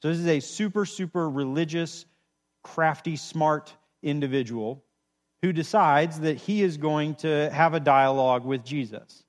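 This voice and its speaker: A man's voice: a little high, measured pace. A man, a pastor giving a sermon in a casual, conversational way, doubling words for emphasis.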